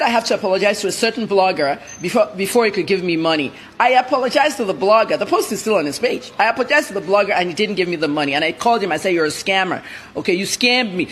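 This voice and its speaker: A woman journalist from Nigeria, a guest on a TV interview, telling her story in a blunt, rapid-fire way. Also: mid-range voice, a little hiss or hum. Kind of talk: TV interview commentary.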